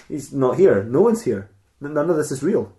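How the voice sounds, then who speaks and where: A man's voice: a little high, big pitch swings, normal speed, dark tone. A man hosting a podcast, telling an improvised comedy story loosely, laughing and correcting himself. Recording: roomy echo.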